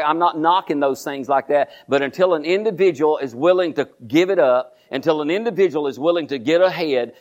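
An older pastor delivers a sermon, circling back over phrases and asking listeners to repeat after him. His sentences stop and restart often. The recording is dull and lo-fi. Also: fairly high pitch. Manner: repetitive call-and-response preaching with many restarts.

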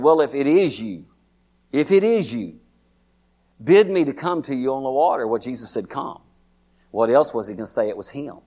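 A man preaching a sermon in a folksy, repetitive way, often calling out to listeners by name and rising to a high, excited pitch as he preaches.

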